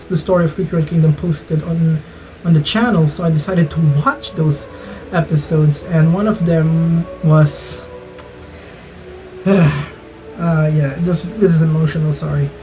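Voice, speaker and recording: Male gaming YouTuber, casual storytelling, rambling and emotional, warm dark timbre. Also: a little high, rough recording. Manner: rambling, restarts sentences, earnest and emotional. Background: faint background music.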